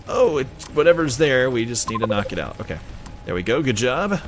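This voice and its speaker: A man's voice: mid-range voice, sing-song, normal speed, soft background music. A man with a Southern US accent giving casual, rambling gameplay commentary, chatty and self-mocking. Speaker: let's play gamer.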